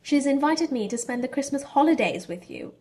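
A fierce, blunt teenage witch girl, voiced by a woman narrator in a storybook reading. She talks in a high, snappish, contemptuous way. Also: animated, a little fast, a little mellow. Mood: scornful.

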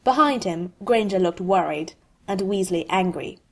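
A woman reading a humorous fan fiction story aloud in an expressive, wry way. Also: mid-range voice, normal speed. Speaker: narrator.

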